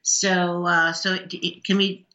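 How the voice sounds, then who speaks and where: A woman's voice: on the low side, flat delivery, sharp tone, reverberant, lo-fi sound. A woman guest on a radio show, speaking with frequent restarts and fillers. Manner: halting, many restarts. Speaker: guest, environmental advocate. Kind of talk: casual chat.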